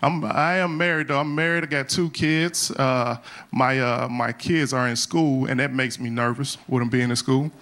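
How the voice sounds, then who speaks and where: A man's voice: medium pitch, fairly even intonation, normal speed, fairly bright tone. A young adult man doing a live stand-up routine on a comedy club stage, talking loosely and conversationally with slangy asides.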